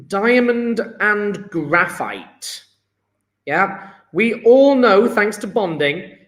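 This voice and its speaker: Chatty chemistry teacher, high voice. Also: male voice, a bit bright. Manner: chatty, encouraging, fillers of "yeah?". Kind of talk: live online lesson. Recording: echoey room.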